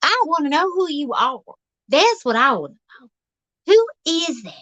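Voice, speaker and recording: A woman with a high voice delivers a playful, rambling monologue to her viewers. Her pitch leaps around in folksy, teasing bursts, yet she takes her time over each phrase. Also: very animated, a little slow, fairly bright tone. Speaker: vlog host. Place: outdoors.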